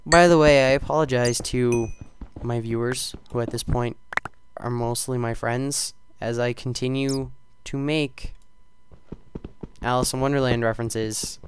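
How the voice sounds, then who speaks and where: A man's voice: medium pitch, steady tone, unhurried, slight background noise. Rambling teenage boy narrating gameplay. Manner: self-deprecating, rambling, with sudden loud outbursts. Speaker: gaming channel host. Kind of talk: casual gameplay commentary.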